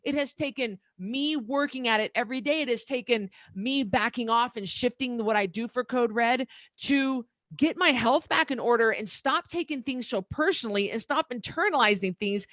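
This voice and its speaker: A woman's voice: fairly high pitch, fairly bright tone, dry recording. A middle-aged woman, a diet coach, talking openly and emotionally as a podcast guest. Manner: emotional, earnest, open. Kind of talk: candid interview talk.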